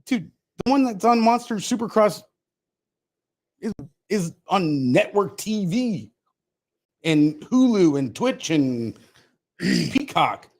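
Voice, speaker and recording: A man's voice: high-pitched, very animated, takes it slowly, pauses often, a little mellow. A man hosting a podcast, ranting in a heated, profane, casual way. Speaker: podcast host. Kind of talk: casual chat.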